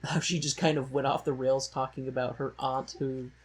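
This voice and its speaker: Husky man chatting loosely on a podcast. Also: medium pitch, little pitch movement, moderate pace. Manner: rambling, joking, many fillers. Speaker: podcast co-host. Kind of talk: casual chat recapping a musical.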